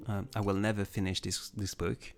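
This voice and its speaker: His voice sits fairly low, with little pitch movement, a creaky and slightly mellow quality, and a normal speed, while faint music plays behind. A livestream host whose first language is French, he casually chats and reads viewer comments, rambling and starting sentences over.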